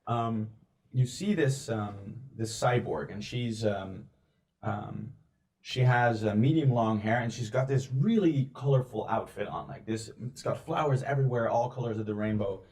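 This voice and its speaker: Hesitant game master, full of ums. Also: male voice, on the low side, normal speed, darkish tone. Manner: hesitant, filler-heavy narration. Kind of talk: narrating a tabletop game.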